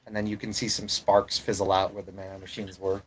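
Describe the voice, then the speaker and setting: A man's voice: low voice, monotone, a little fast, a bit bright, husky, poor audio. A man running a tabletop role-playing game as game master, narrating casually with fillers and restarts.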